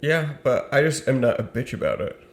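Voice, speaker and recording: A man's voice: medium pitch, lively intonation, a little fast. A man from upstate New York, a guest actor on a comedy podcast, chatting in a hesitant, rambling way and laughing easily. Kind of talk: casual podcast banter. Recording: roomy echo.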